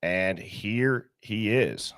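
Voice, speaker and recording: A man's voice: lowish voice, very slow, a bit bright, no echo, studio quality. Upbeat man host reading out comments. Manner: upbeat, greets viewers one by one. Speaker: livestream host. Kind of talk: casual livestream chat, reading viewer comments.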